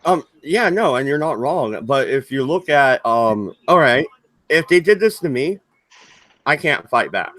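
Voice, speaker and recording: A man co-hosting a casual livestream, reading out chat and talking slowly, with many hesitant ums. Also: mid-range voice, very animated, a bit bright, dry recording.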